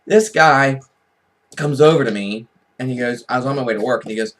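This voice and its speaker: A man's voice: medium pitch, fairly quick, poor audio. Man, casual storyteller, rambling, chatty, jokey asides. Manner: rambling, chatty, laughs at own jokes. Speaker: vlogger.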